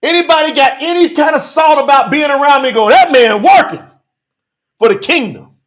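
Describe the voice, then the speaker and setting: A man preaching a sermon, reading scripture verses and commenting on them with emphatic rhetorical questions and bursts of shouting. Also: very high voice, moderate pace. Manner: breaks into shouting.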